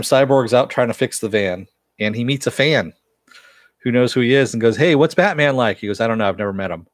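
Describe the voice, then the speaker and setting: A man's voice: lowish voice, no room sound, clean studio sound. A man casually recapping a TV episode, rambling and correcting himself, chuckling often. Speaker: TV episode reviewer.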